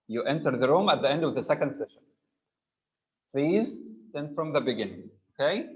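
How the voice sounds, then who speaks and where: A man's voice: medium pitch, highs cut off. A man teaching an online English grammar class, explaining terms and checking in with students. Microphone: computer mic on a video call.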